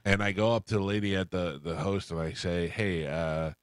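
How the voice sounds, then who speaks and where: A man's voice: low-pitched, fairly even intonation, moderate pace, clean tone, no room sound. A middle-aged man hosting a radio show, telling rambling anecdotes and acting out the people in them. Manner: rambling anecdotes, acts out quoted voices. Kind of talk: casual storytelling chat.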